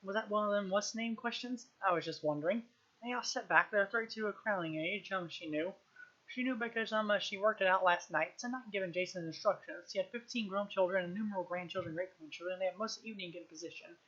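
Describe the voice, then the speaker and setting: A woman reading a novel aloud on a live stream, at a quick pace and with frequent throat-clearing. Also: medium pitch, fairly bright tone, muffled recording. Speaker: reader, streamer.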